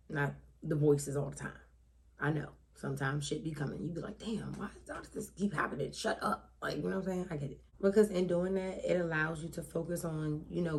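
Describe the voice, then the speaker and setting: A woman in her twenties hosts her own talk show in a low, gravelly voice. She talks loosely and profanely, full of asides and quick tangents. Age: 20s. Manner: loose, profane and animated, with frequent asides and laughs. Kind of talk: casual solo talk show.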